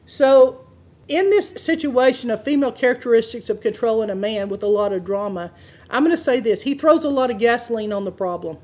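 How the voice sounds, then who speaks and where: A woman preaching a sermon, telling a story with lively swings in pitch and loudness and laughing at her own anecdotes. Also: brisk.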